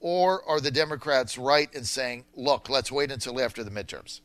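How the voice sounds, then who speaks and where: Male talk radio host, emphatic and punchy, bright forceful tone, dry close studio sound. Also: medium pitch, normal speed, no echo. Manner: emphatic, punchy promotional delivery.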